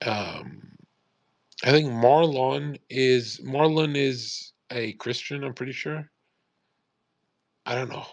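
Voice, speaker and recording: A man's voice: medium pitch, slow pace, long pauses, dry recording. A man streaming on a live audio space, rambling in a casual monologue full of swearing and "bro". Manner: profane, animated, calls listeners "bro".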